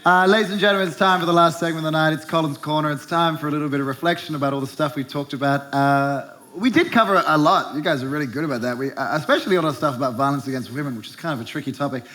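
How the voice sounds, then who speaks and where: A man's voice: a little high, racing, few pauses, fairly bright tone. A young Australian man doing stand-up as the host of a segment, heated and sarcastic, swearing and mocking blokes in put-on voices. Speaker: comedian hosting a show segment. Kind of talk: stand-up rant.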